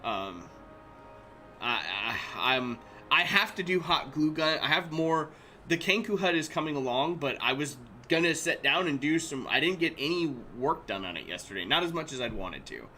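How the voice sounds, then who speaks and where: A man's voice: a little high, sing-song, moderate pace, pushed and bright, faint music behind. A man in his thirties hosting a casual crafting livestream, chatty and laughing often as he reads chat aloud.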